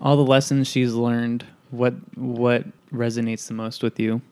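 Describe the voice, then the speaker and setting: A man reading questions aloud in a casual book discussion group, then answering earnestly and poking a little fun at himself. His voice is smooth and clear. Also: medium pitch, level tone, unhurried, dark tone. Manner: earnest, self-deprecating.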